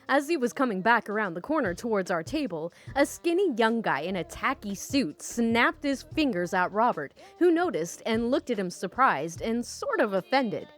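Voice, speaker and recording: A woman hosting a storytime channel, reading Reddit stories aloud in a bubbly, chatty way. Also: a little high.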